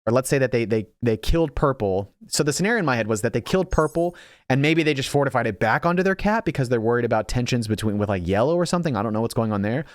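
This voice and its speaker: A young gaming channel host casually commentates his own strategy game, thinking aloud, teasing himself over misplays and often restarting sentences. His mid-range voice is animated and quick. The recording is dry with clean studio sound.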